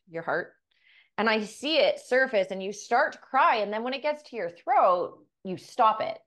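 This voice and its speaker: A woman's voice: medium pitch, fairly bright tone. A woman co-hosting a podcast, talking earnestly and telling stories that quote the people in them. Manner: earnest, storytelling, quotes others in dialogue. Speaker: podcast co-host. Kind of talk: reflective podcast conversation.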